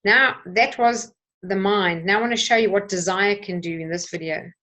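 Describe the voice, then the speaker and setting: A woman leads a motivational teaching talk at an ordinary middle pitch. She sounds earnest and persuasive, driving her point home through emphatic repetition. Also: fairly even intonation, normal speed, sharp tone, rough recording. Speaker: host.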